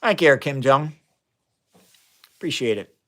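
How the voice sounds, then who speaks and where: Expressive and measured, the man's mid-range voice has a fairly bright tone and a Midwestern accent. Indoors in his home chemistry lab, he hosts a casual science live stream, rambling warmly and replying to viewers in the chat. The phone camera he speaks into gets flipped around during the stream.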